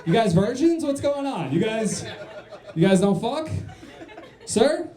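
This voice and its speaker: A man's voice: very high voice, very animated, measured pace, warm tone, echoey room. A man from New Jersey doing a stand-up set in a comedy club, crude and self-mocking, riffing with the crowd.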